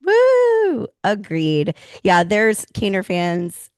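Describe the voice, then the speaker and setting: A woman's voice: on the low side, normal speed, no room sound. A woman co-hosting a casual hockey podcast, upbeat and steering the talk with questions. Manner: upbeat, leads the conversation with questions. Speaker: co-host.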